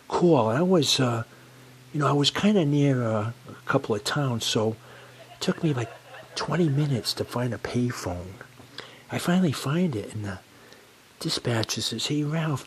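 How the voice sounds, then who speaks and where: A man telling a casual personal anecdote in an animated, exasperated way, full of fillers. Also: medium pitch, breathy edge. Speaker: storyteller.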